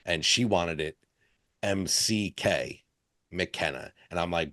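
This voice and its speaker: Deep-voiced man podcast host, dry sound. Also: unhurried, fairly bright tone, dry recording. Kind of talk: casual podcast chat.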